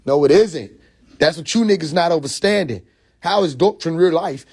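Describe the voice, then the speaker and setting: A man's voice: a little high, moderate pace, slightly rough. Fired-up man ranting on a livestream. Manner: animated storytelling with repeated restarts and acted quotes; profane, confrontational. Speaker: livestream host. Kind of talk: casual livestream monologue. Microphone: phone mic.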